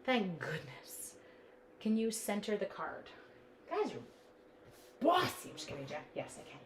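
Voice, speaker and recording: A woman's voice: mid-range voice, very animated, normal speed, roomy sound, slight background noise, poor audio. Chatty woman live-streaming a craft demo. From Canada. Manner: chatty and scattered, talks to viewers in the chat. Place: home craft room.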